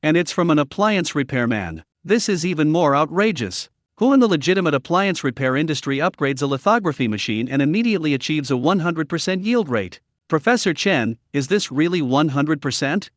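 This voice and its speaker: A man's voice: fairly high pitch, animated, brisk, few pauses, no room sound, clean studio sound, close to an everyday voice. A man reading an incredulous company boss.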